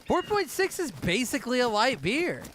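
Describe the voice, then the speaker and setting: Casual male gamer, high and very animated, talkative and profane. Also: moderate pace, a little hiss or hum. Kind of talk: casual chat while gaming.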